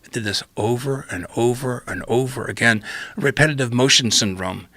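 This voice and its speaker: A man on a podcast telling a personal story with animated energy, acting out his own past remarks and drifting into tangents. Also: medium pitch, normal speed, no room sound. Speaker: podcast guest.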